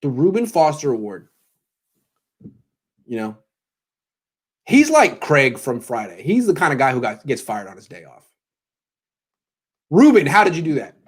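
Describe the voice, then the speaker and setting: A man's voice: on the high side, huge pitch swings, unhurried, pauses often, slightly rough. A man in his thirties, a sports blogger hosting a casual pregame show, telling stories with sarcastic asides and mock voices. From California.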